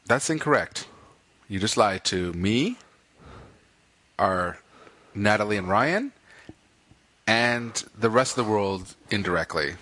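A man's voice: fairly low pitch, slow, pauses often. A man co-hosting a podcast, chatting casually and teasing his co-host with jokes. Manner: joking, teasing, animated. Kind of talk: casual chat.

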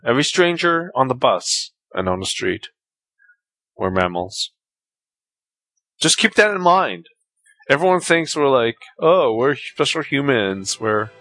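A man's voice: mid-range voice, a bit bright. A man co-hosting a podcast in casual chat, making his points earnestly and thoughtfully and laughing easily. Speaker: podcast co-host.

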